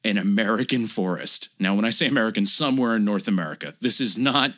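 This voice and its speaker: A man with a fairly low voice co-hosts a casual movie podcast. He's animated and swears freely, often acting out the scenes in exaggerated voices as he recaps. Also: quick pace. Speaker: podcast co-host. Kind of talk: casual film review chat.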